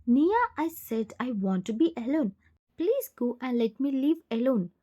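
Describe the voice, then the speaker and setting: A woman's voice: high voice, expressive, unhurried, mellow, highs cut off. A woman voicing a heartbroken young woman who speaks in a tearful, accusing way. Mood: upset.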